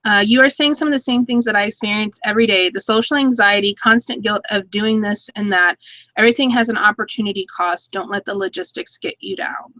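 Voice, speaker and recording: A woman's voice: medium pitch, a little fast, bright, forceful tone, no room sound, poor audio. A woman in her thirties hosting a casual live-stream chat, reading viewer comments aloud and laughing between stories. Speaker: YouTube channel host.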